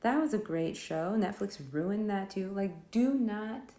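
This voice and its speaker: A woman's voice: mid-range voice, lively intonation, measured pace, warm tone, echoey room. A woman vlogger casually roasting a film while she draws, rambling and sarcastic, with lots of fillers. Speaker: vlogger reviewing films while drawing.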